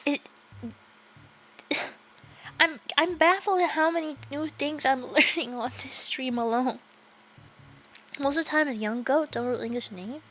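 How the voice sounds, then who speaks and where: A woman's voice: high-pitched, unhurried, pauses often, a bit bright, low-quality recording. A young woman livestreaming a game, chatting casually with her viewers, giggling often and swearing offhandedly. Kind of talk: casual gaming livestream chat.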